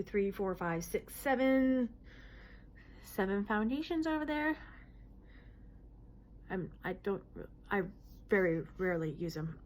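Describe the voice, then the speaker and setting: A woman in her late thirties chatting casually as she answers viewer questions, her talk broken by sudden hoots, outbursts and throat clearing. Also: on the high side, bright, forceful tone. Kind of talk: casual Q&A vlog.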